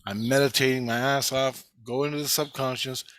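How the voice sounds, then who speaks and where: A man's voice: medium pitch, fairly even intonation, brisk, fairly bright tone, clear, resonant tone. A middle-aged man talking in a rambling, profane, intense personal monologue as a vlogger.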